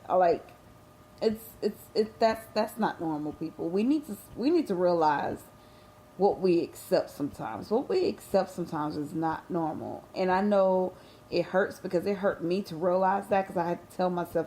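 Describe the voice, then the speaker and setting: A woman tells a story straight to her viewers, her voice sitting somewhat low. She talks with fervor and a preachy edge, speaking to them directly. A faint hiss runs under the recording. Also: lively intonation, normal speed, warm tone. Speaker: vlogger. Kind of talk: emotional storytelling vlog.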